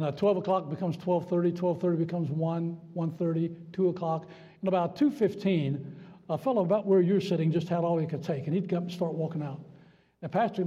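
Older guest preacher, folksy and emphatic, dark mellow tone, recorded in a reverberant sanctuary. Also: male voice, a little high. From Virginia. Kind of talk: sermon with jokes. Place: church sanctuary. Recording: dull sound with long church reverb.

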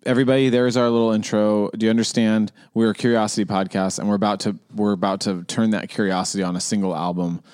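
A man's voice: lowish voice, flat delivery, fast, few pauses, a little mellow, smooth. A man co-hosting a podcast, chatting casually and playfully, often laughing. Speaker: podcast co-host. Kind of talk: casual chat.

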